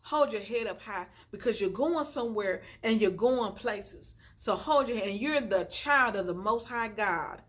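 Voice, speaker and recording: A young adult woman vlogs to her phone from the floor at home, the phone on a tripod with a ring light. Her mid-range voice is fairly bright, with lively intonation, a moderate pace and few pauses. She's an inspirational vlogger, chatty and preachy, encouraging her viewers in casual talk to camera and constantly saying "y'all."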